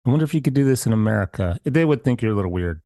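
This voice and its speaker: A man's voice: medium pitch, animated, racing, mellow, no echo, clean studio sound. A man hosting a podcast interview, playful and curious, asking many questions. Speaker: podcast host. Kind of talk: casual interview chat.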